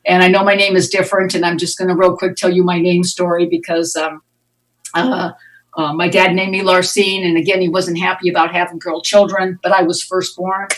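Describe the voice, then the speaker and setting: A woman's voice: fairly low pitch, level tone, brisk. A middle-aged woman from the United States sharing her story at an Al-Anon meeting, frank and wry, with a storyteller's timing. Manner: frank, wry storyteller who acts out quoted voices. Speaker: Al-Anon speaker. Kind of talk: recovery meeting share, storytelling. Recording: distant mic, online conference audio.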